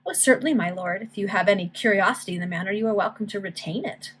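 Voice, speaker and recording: An evasive, arch Victorian lady of society, read by a woman. She speaks with airy, affected politeness in a faintly breathy, husky tone. The voice sits close to the reader's own. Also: mid-range voice, fast talker, fairly bright tone, low-quality recording.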